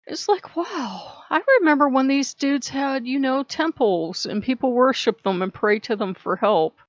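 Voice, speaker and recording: A woman's voice: sits high, a little slow, no echo. A woman ranting angrily in a casual vlog, swearing and sarcastic, laughing now and then. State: angry. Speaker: channel host. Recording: dull lo-fi sound.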